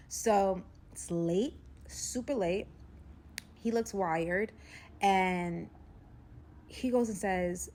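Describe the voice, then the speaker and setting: A young woman telling a personal story in a casual, slangy, animated way, acting out the dialogue as she goes. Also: medium pitch, slow, a little hiss or hum.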